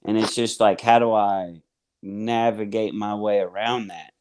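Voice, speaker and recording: A man's voice: lowish voice, steady tone, unhurried, a little mellow, clean tone. A man with a Southern US accent telling his recovery story casually, rambling with lots of fillers like "man". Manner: rambling, filler-heavy, says "man" and "y'all". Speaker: guest sharing recovery story.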